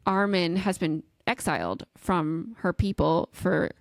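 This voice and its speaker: A woman's voice: fairly low pitch, a little slow, vocal fry, dry recording. A woman podcast co-host in casual chat, recapping a novel's chapter with frequent laughs and acted-out quotes. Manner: animated storyteller, laughs often, acts out quotes.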